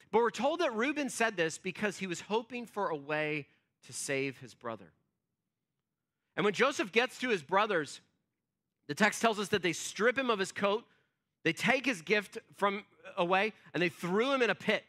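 Brief: man preaching in church, high and bright voice, chatty storyteller who leans on fillers. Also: expressive, normal speed. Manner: conversational storytelling, acts out quotes, frequent fillers. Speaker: pastor. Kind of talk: sermon.

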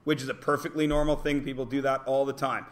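A man's voice: medium pitch, flat delivery, fast talker. A man teaching a class, blunt and provocative, talking over his students. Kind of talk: classroom lecture.

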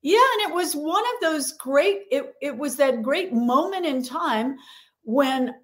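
A woman's voice: high-pitched, animated, slow. A middle-aged American woman, a leadership coach, telling her career story in a chatty, self-deprecating way as an interview guest. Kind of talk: conversational interview.

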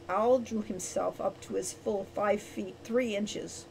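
A woman narrating a storybook chapter, acting out each character's lines with lively changes of voice. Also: mid-range voice, slow pace, creaky, a little hiss or hum, rough recording. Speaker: audiobook reader.

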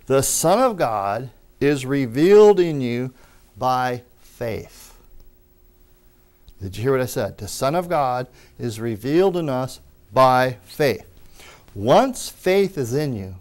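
A man's voice: medium pitch, expressive, slow, darkish tone. A man preaching a teaching sermon, emphatic and repeating amen with enthusiasm, with wry asides and small jokes.

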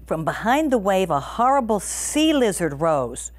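A woman storyteller reading a picture book aloud with an expressive, animated delivery. Her pitch moves freely across a medium range, rising and falling with the tale. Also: unhurried.

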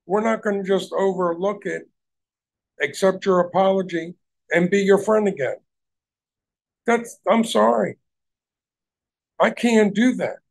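Gravelly man ranting on a livestream. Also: high voice, a little slow, long pauses. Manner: heated, confrontational, swears heavily. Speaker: livestream host. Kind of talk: profane ranting livestream chat.

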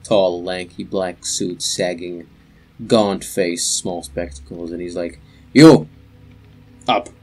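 Low-voiced young man running a tabletop game. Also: level tone, slow, soft background music. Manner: loose and rambling, many fillers. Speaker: game master.

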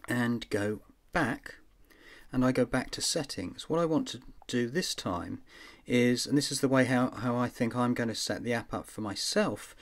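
A man talking casually as he walks through a recording app's settings, thinking aloud and counting out loud to test levels. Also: medium pitch. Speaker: app reviewer. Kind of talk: casual screen demo walkthrough.

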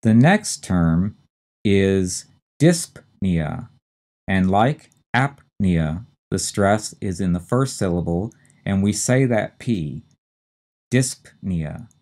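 A man teaching a recorded medical terminology lecture, speaking slowly and carefully and spelling out terms letter by letter. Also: low-pitched, lively intonation, dark tone. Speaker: instructor.

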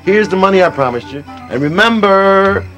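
A man's voice: high voice, animated, normal speed, fairly bright tone, soft background music. A man playing an exuberant neighbor dreaming of a circus in a children's video. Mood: enthusiastic. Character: enthusiastic middle-aged man who is dreaming of a circus.

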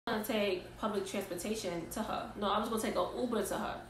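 Brief: young woman vlogger, casual animated storyteller, set back from the mic in an echoey room. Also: mid-range voice, quick pace, a little hiss or hum. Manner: casual, slangy, animated retelling. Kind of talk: storytime vlog. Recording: roomy echo, distant mic.

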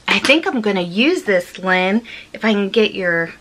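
A woman's voice: medium pitch, animated, normal speed, few pauses, a bit bright, a little hiss or hum. A woman vlogger reading viewers' holiday cards aloud in casual chat, gushing and gasping with delight. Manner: gushing, gasps and exclaims often.

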